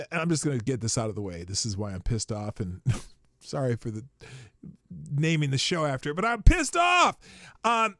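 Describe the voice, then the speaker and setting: Rambling, animated male livestream host. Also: on the high side, dry recording, studio quality. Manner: rambling, frequent restarts, bursts of shouting. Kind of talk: casual solo livestream talk. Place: small home studio.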